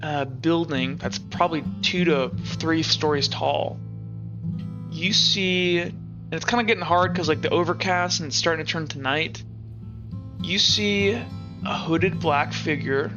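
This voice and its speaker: A man's voice: fairly high pitch, unhurried, highs cut off, music in the background. A man narrating as game master of a tabletop game in a casual, rambling way.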